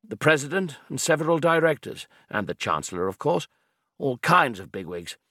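A man's voice: medium pitch, sing-song, normal speed, sharp tone, no echo, clean studio sound, exaggerated voice. A man voicing a polite male official who reassures a guest, in an audiobook reading. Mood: courteous.

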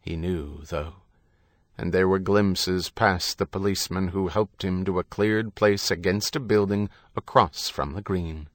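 A man narrating an audiobook in a measured, grave reading. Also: deep voice, no echo. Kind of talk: scripted narration.

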